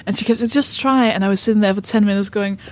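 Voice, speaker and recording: A woman's voice: mid-range voice, little pitch movement, a little mellow, no room sound. A woman hosting a casual podcast chat, agreeing sympathetically with her guest. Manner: sympathetic, quick to laugh along. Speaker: podcast host.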